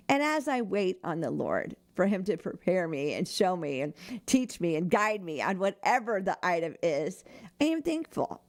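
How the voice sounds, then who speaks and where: A woman's voice: fairly low pitch, sing-song, normal speed. An older woman hosting a radio show, giving a casual devotional talk in an earnest, chatty way and laughing often. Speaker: radio host.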